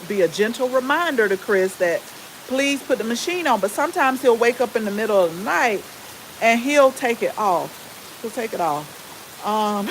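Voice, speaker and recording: A woman's voice: mid-range voice, a little hiss or hum, poor audio. Chatty Southern woman with a drawl. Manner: chatty, relaxed drawl, addresses viewers as y'all. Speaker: gardening channel host. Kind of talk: casual live-stream chat with viewers.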